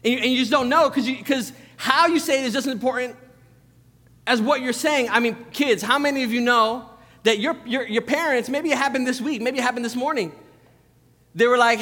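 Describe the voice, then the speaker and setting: A young man delivers a sermon in a relaxed, conversational way, often restarting his sentences and adding asides. His voice sits high for a man. The sound has the long reverb of a church hall. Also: fairly quick. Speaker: pastor. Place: church sanctuary.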